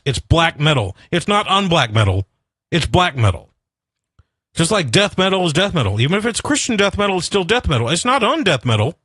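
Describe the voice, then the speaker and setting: A man's voice: high voice, fairly bright tone, dry recording. A male radio host, talking casually and bluntly on his own show, rambling, swearing and laughing at himself. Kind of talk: casual solo radio rant and chat.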